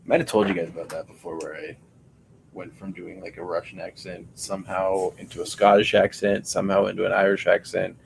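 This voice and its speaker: A man's voice: sits low, level tone, fairly quick, creaky, slight background noise. A man chatting casually on a livestream while building a puppet, rambling and joking as he thinks aloud about each step. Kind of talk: casual livestream craft chat.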